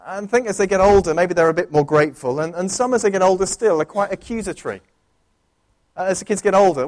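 A pastor delivers a sermon in church, speaking in a fairly high voice. He talks in an earnest, conversational way and often restarts his phrases mid-thought. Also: fast.

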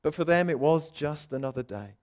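Male preacher, expressive sermon delivery, acts out quoted voices, loud-to-soft swings. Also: on the high side, brisk.

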